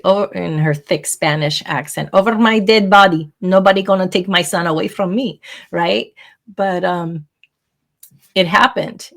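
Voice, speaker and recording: Woman, middle-aged, fairly low pitch, earnest storytelling, pauses and fillers. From California. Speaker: interview guest. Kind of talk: personal storytelling in an interview.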